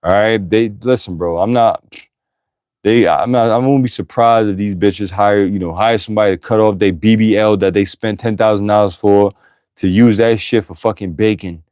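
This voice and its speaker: A man with a low voice teaching from the Bible, reading verses aloud and then breaking into crude, forceful street-style commentary. The recording is dry and close, with no room sound around him. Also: steady tone, moderate pace, clean tone, dry recording. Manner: profane, blunt and emphatic, with bursts of laughter.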